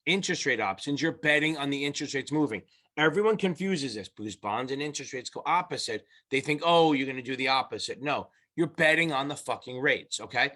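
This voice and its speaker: A man's voice: medium pitch, lively intonation, brisk, pushed and bright. A man tutoring exam students in a loose, conversational way, with restarts and the odd swear word. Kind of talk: casual lesson explaining at a whiteboard.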